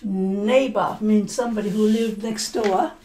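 A woman's voice: mid-range voice, steady tone, a little slow, vocal fry, dark tone, a little hiss or hum. A woman language teacher retelling a story for learners. She stops to explain and repeat words and checks in with "okay?". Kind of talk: story-listening lesson, retelling a story.

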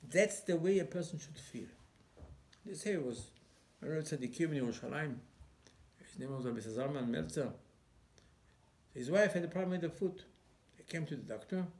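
Emphatic rabbi with a higher voice. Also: male voice, expressive, normal speed, pauses often, a little mellow. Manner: emphatic, rhetorical questions, broken English. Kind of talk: sermon.

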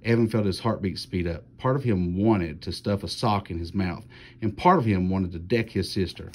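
A man reads a children's storybook aloud with steady, plain narration. His voice sits on the low side and the delivery stays even. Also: fairly quick. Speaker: teacher reading aloud.

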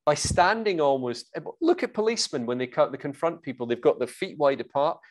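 Confident man, fairly high voice. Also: a little fast. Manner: energetic, confident, explains with examples. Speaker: sales coach guest. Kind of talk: conversational interview, coaching advice.

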